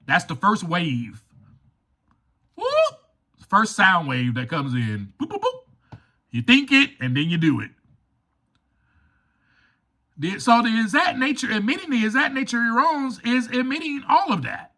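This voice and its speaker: A man's voice: sits high, normal speed. A man hosting a recovery podcast, talking in an emphatic, preachy monologue and acting out quoted voices. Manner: animated, acts out quoted voices. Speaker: podcast host.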